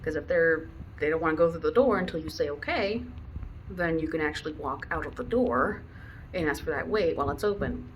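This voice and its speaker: A woman dog trainer explaining training at home in a chatty way, bursting into high-pitched praise for her dog. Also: brisk, a little hiss or hum, rough recording. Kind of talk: casual instructional video. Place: home, indoors. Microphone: camera mic.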